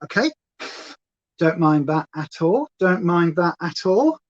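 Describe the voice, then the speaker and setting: A woman's voice: fairly low pitch, very animated, takes it slowly. A woman hosting a chatty makeup livestream, rambling playfully and reading chat aloud. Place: at home. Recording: slightly dull lo-fi sound.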